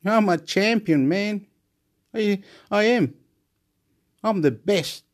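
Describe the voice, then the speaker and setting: A man from Chile with a somewhat high voice, rambling through a loose monologue. He lurches from loud, excited boasting down to quiet muttering, looping the same words again and again and laughing to himself. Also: slow pace.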